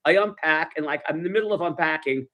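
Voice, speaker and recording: A man with a New York accent and a notably high voice for a man rambles through a story in a laid-back ASMR manner. He swears offhandedly and keeps tagging his sentences with "right?". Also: fast talker, bright, forceful tone. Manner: rambling, chatty, swears casually, says "right?" often. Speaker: storyteller in a played video.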